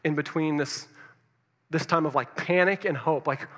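A man preaching a sermon, telling a story that puts his listeners in it, swinging between loud urgency and hushed near-whispers. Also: fairly high pitch, moderate pace, big-room sound. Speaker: pastor.

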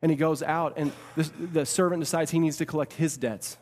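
A man preaching a sermon as pastor, swinging between loud emphatic bursts and hushed delivery, repeating phrases for emphasis. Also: on the high side, fairly even intonation, brisk. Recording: long reverb of a large hall.

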